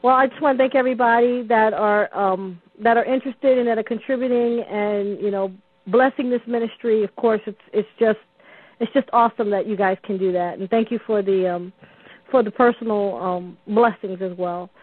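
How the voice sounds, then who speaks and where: A radio call-in features a woman with a steady, mid-range voice speaking at normal speed. She tells a story chattily, with plenty of ums and restarts, and the phone line is dry and tinny with no echo.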